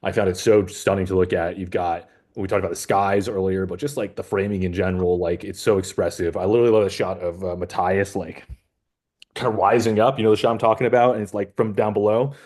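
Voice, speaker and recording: A man's voice: sits low, fairly even intonation, fast talker, a little mellow. A man interviewing a filmmaker in a casual, rambling chat full of fillers. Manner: chatty, rambling with many fillers. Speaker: festival programmer interviewing a filmmaker.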